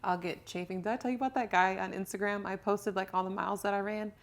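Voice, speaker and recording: A young woman co-hosting a casual podcast, telling candid stories with giggles and animated bursts. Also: medium pitch, fast talker. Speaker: podcast co-host, personal trainer. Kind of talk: casual chat.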